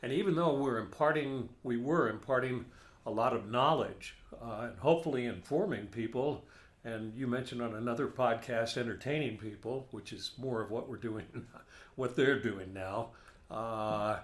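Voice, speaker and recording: A man's voice: mid-range voice, normal speed, reverberant. Reflective male podcast co-host. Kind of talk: casual chat.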